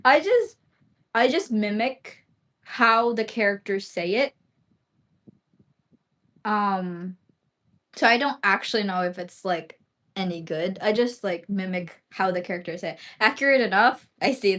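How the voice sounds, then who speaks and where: A woman's voice: fairly high pitch, a bit bright. A young woman hosting her own livestream, chatting casually and rambling with many "like" and "um" fillers. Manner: rambling, heavy use of "like" and "um" fillers. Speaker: livestream host.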